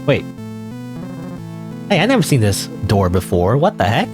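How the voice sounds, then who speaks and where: A man's voice: on the low side, huge pitch swings, measured pace. A young man casually commenting while playing a game, musing aloud with restarts. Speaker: let's play gamer. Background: faint game synth music.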